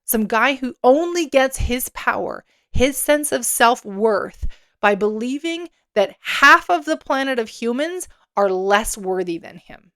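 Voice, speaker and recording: A woman's voice: on the high side, expressive, unhurried, pushed and bright, smooth. A woman hosting an unscripted solo podcast. She talks candidly and emphatically, swears freely and often breaks into laughter. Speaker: podcast host.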